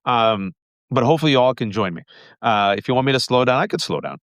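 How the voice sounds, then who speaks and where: A middle-aged man with a New York accent hosting a live political commentary stream, talking rapid-fire and emphatic, calling his viewers folks. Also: medium pitch, lively intonation, fairly bright tone, no room sound. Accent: New Yorker. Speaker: political commentator and show host.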